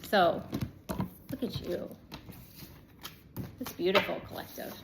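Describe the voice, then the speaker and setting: A woman's voice: on the low side, slow pace, creaky, very noisy. A woman giving a casual, chatty tarot reading to her viewers, affirming and blunt, with an occasional swear. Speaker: tarot reader.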